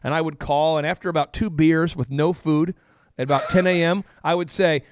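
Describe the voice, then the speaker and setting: A man, a guest in an interview, telling a lively story and often jumping up in pitch. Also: fairly quick, clear, resonant tone, no echo, clean studio sound. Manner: animated, jumps high in pitch.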